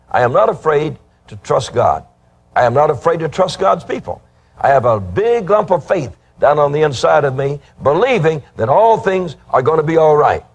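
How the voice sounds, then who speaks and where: An older male preacher delivers a sermon, his voice slightly husky and pitched a touch high. He rises and falls widely in pitch, leaning hard on scripture phrases and drawing them out. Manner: emphatic, drawn-out delivery; reads scripture aloud.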